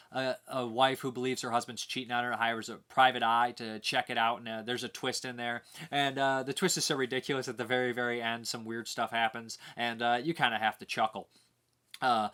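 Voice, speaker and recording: A man's voice: mid-range voice, a bit bright. A man casually reviewing home video releases, rambling with lots of filler words. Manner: rambling, many "uh" fillers, easygoing.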